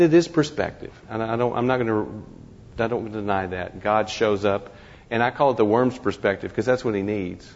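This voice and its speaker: Man for a reflective panel talk, husky, low, stop-start delivery, dull sound with long reverb. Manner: halting, many restarts and repeated words. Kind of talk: reflective discussion.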